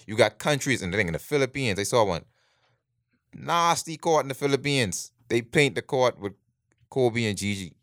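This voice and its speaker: A man's voice: mid-range voice, expressive, normal speed, a bit bright, no room sound, studio quality. A man, co-hosting a casual chat in a laid-back way, laughing often. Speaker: podcast co-host.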